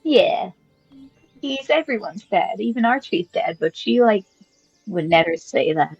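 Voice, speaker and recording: A woman's voice: mid-range voice, expressive, a little slow, gravelly, a little mellow, breathy edge, no echo, muffled recording, soft background music, exaggerated voice. A woman with a British accent playing an upbeat, always-hungry rabbitfolk paladin in an eager way. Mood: warm.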